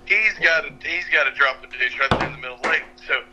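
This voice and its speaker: A man's voice: medium pitch, fast, dull audio. A man telling a rambling fishing story on a podcast, laughing at his own tale. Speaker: fishing guide and co-host. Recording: noisy podcast audio.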